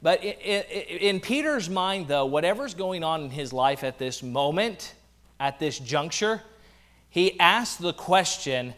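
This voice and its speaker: A pastor delivers a sermon with animated energy, slipping in playful asides. His voice sits high for a man. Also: unhurried.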